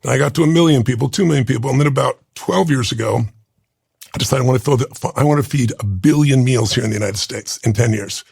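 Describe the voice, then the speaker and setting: A man speaking as a podcast guest, recounting a personal story with earnest, halting delivery and frequent restarts. His voice has a rough, gravelly texture with a husky edge. The sound is dry and close, with no room echo. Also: medium pitch, a little mellow. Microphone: studio podcast mic.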